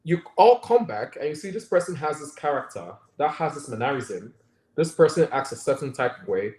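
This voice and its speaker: A man's voice: fairly high pitch, big pitch swings, a little fast, darkish tone. A man with a Nigerian accent, a guest doctor in an interview, talking earnestly and reflectively and often checking in with "right?". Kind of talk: conversational interview. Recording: roomy echo.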